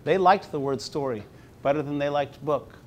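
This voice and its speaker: Casting: man, high pitch, relaxed presenter with restarts, slows for read-alouds. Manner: conversational, with restarts; slows down when reading aloud. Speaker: teacher presenting at a university talk. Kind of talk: conference presentation.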